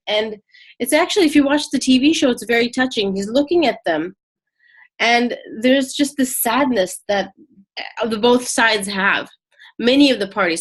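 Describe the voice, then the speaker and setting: Chatty woman teaching a scripture lesson. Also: on the high side. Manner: conversational, many fillers and restarts, animated retelling. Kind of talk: casual spiritual lesson.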